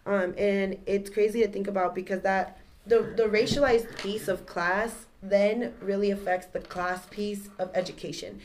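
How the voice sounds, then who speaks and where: A young woman in a class discussion, talking quickly with many fillers. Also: mid-range voice, steady tone, slight background noise. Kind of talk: casual discussion.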